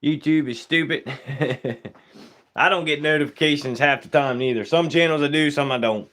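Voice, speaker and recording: A young man with a slightly high voice talks casually on a live stream while he works as a taxidermist. He is laid-back and greets viewers one by one, with loose, easygoing grammar. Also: normal speed, fairly bright tone.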